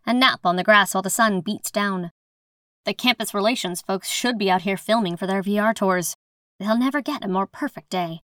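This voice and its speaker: An audiobook narrator, a young woman, reads a scripted first-person story in a steady, measured storytelling manner. Her mid-range voice is captured dry, with studio-quality sound.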